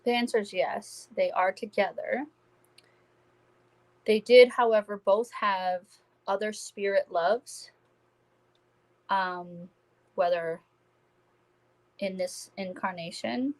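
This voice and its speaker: Gentle woman medium giving reassuring readings. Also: mid-range voice, poor audio. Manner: gentle, reassuring, addresses viewers by name. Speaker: psychic medium. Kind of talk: live-stream spirit reading.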